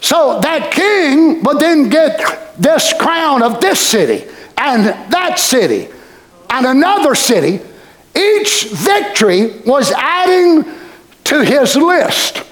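High, impassioned preacher. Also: male voice, very animated, slow. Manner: impassioned, swinging from shouts to whispers. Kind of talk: sermon.

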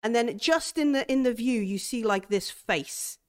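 A young woman narrating a tabletop horror game as game master, hesitant with many pauses and restarts. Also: on the high side.

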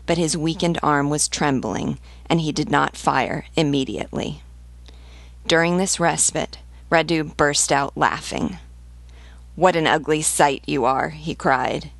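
A woman teacher reading a novel aloud in a measured, steady way. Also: sits low, creaky, no echo.

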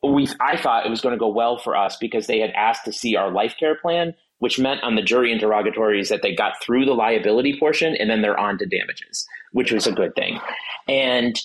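A man, a trial attorney, talking casually as a podcast guest in an emotional, halting way, full of restarts and fillers. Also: on the low side, animated, poor audio. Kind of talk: casual interview talk.

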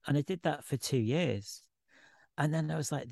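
A man's voice: fairly high pitch, normal speed, vocal fry, darkish tone, no echo, clean studio sound. A man who is a guest artist, talking candidly and at length in an informal podcast conversation. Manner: candid, rambling, self-deprecating.

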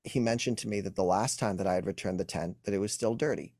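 A man's voice: lowish voice, fast talker, darkish tone, no room sound, clean studio sound. A young adult man, an emotional wellness coach, explaining earnestly as a guest in an interview. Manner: earnest, explanatory, acts out quoted dialogue.

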